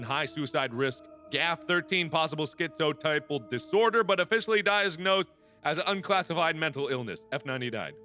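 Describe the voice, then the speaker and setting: A young man in his twenties giving excitable, jokey let's play commentary and talking to himself as he plays. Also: fairly high pitch. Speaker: gaming video host.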